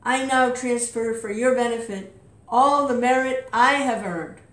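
A woman voicing a furious, powerful old male sage who proclaims loudly and with command. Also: medium pitch, little pitch movement, unhurried, natural voice. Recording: roomy echo.

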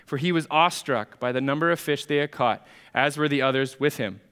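A man's voice: mid-range voice, brisk, a bit bright, clear, resonant tone, big-room sound. A man preaching a sermon as a pastor, in a conversational, storytelling manner. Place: church sanctuary.

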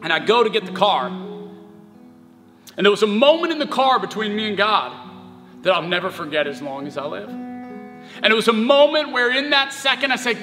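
This young pastor's voice sits high, expressive and unhurried, as he earnestly shares a personal story from the pulpit. Soft music plays in the reverberant church sanctuary.

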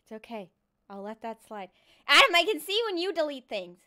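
A woman's voice: high voice, sing-song, fairly quick, bright, forceful tone. A woman streamer chatting casually with her live chat while playing a horror game. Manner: chatty, bubbly, talks to chat.

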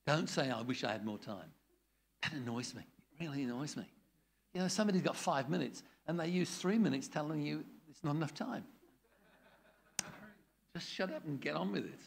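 A man's voice: a little high, fairly quick, gravelly, pauses often. An older man running a preaching workshop, blunt and jokey, acting out different tones of voice as he teaches. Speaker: preaching trainer.

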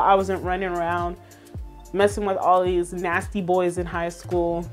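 A young woman, talking straight to her viewers in a casual motivational vlog, sassy and emphatic, laughing often. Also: medium pitch. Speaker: vlogger.

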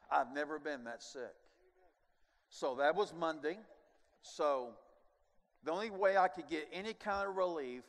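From the pulpit of a large church sanctuary, an older male preacher shares a testimony story in a slightly high voice. He drops to a near hush, then surges loud with chuckling asides, his words carrying the long reverb of the big room.

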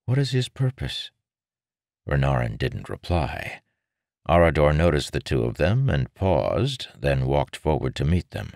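A man reading a fantasy novel aloud as an audiobook narrator, in a measured storytelling delivery. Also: very deep voice, sing-song, gravelly, darkish tone, no room sound, studio quality. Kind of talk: scripted narration.

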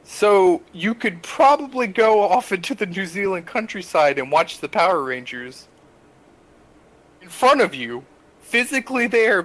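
A young adult man co-hosting a casual podcast, telling a story with animated, exasperated asides. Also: sits high. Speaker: podcast co-host.

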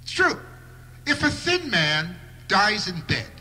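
A man's voice: sits high, very animated, measured pace, pushed and bright, a little hiss or hum. A man doing a live stand-up routine with a wry observational delivery and bursts of mock outrage. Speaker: stand-up comedian.

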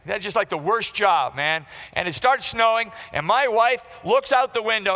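Male pastor, high bright voice, punchy conversational sermon, long hall reverb. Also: moderate pace, few pauses. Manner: emphatic, conversational preaching with quoted asides.

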